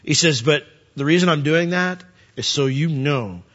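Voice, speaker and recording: A man preaching a sermon, animated, asking rhetorical questions and acting out dialogue. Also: a little high, moderate pace, muffled recording. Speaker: pastor.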